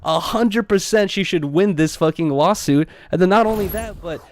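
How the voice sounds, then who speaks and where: A young man co-hosting a casual podcast, talking in an animated, profane way full of slang and emphasis. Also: high voice, moderate pace, slight background noise. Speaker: podcast co-host. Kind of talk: casual chat.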